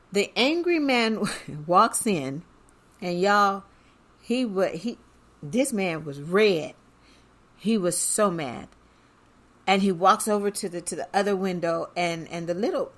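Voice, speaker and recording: A woman with a lowish voice tells a story from her own life at a slow, unhurried pace. She talks in a chatty, conversational way and laughs often as she goes. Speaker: podcast host. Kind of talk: personal storytelling.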